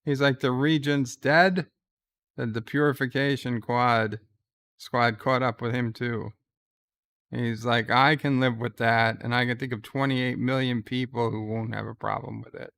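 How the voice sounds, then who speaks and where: With little pitch movement, a man's creaky, fairly bright medium voice retells scenes on his live reaction stream at a moderate pace. He quotes lines plainly and reads viewer chat aloud, and there's no room sound.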